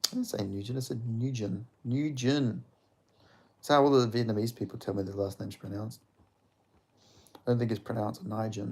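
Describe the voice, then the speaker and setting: His voice is on the low side with a darkish tone, quick but broken by long pauses. The young man hosts a fight watch-along stream in casual chat, swearing a lot, joking with viewers and laughing often.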